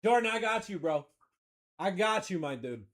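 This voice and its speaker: A man from Maine with a Maine accent hosts a live card-breaking stream, calling pulls with energetic, slangy banter and shouting over big hits. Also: high voice, normal speed. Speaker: card-breaking livestream host. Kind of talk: excited live sales commentary.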